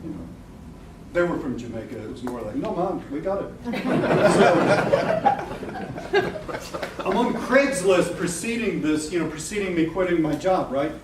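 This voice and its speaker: A middle-aged webinar presenter with a fairly high voice chats casually to a live audience, joking, swearing and laughing along the way. His pitch swings widely, his pace is a little slow, and he pauses often. He's recorded at a distance in an echoey room over background noise.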